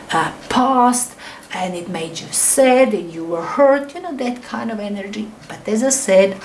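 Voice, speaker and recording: A middle-aged woman chats her way through a tarot reading in non-native English, her voice sitting at an ordinary middle pitch. She rambles eagerly, and her voice often drops to a soft near whisper. A faint hiss of noise sits under her voice. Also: poor audio. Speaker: tarot reader. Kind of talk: casual tarot reading to camera.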